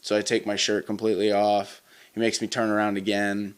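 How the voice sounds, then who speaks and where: Young man, lowish voice, casual storyteller, loose and rambling, interview guest. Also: completely flat delivery, a little fast, clear, resonant tone. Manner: rambling, many fillers and restarts.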